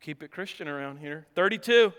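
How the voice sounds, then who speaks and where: A male pastor delivers his sermon in a high, bright and crisp voice. He tells the story dramatically and drops joking asides to the congregation. His voice rings with the long reverb of a large hall. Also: lively intonation, a little fast.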